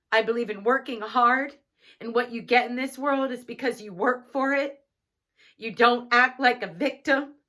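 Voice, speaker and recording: A woman from the United States giving a heated, earnest personal testimony to camera, with halting restarts. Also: on the high side, bright, forceful tone. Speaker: vlogger telling her personal story.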